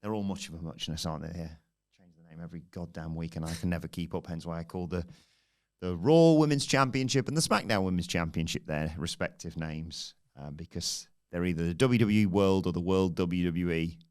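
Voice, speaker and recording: Low-voiced man recapping wrestling. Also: brisk, a little mellow. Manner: rambling, jokey recap with self-deprecating asides. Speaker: wrestling podcast host. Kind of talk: casual recap and banter.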